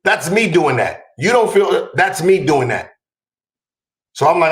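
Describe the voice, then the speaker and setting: A man hosting a podcast, talking heatedly and profanely in a casual conversation, rising to shouts. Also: fairly high pitch, lively intonation, unhurried, long pauses, roomy sound. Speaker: podcast host.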